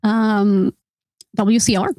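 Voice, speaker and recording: A woman's voice: mid-range voice, flat delivery, takes it slowly, warm tone, no room sound. A woman co-hosting a casual podcast, chatty and loose, with frequent fillers and laughs. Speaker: podcast co-host.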